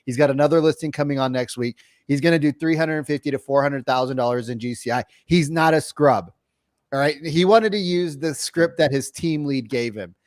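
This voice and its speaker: A man coaching on sales in casual podcast chat, animated and slangy, acting out calls in quick voices. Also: fairly high pitch, no room sound, studio quality. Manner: slangy, says bro and dude.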